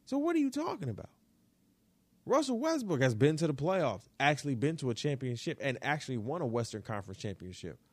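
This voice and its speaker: This New York man hosts a basketball talk show, giving animated commentary and emphatically ranting while repeating lines for effect. Recorded close in a small room with no room sound, he speaks briskly at medium pitch with big pitch swings.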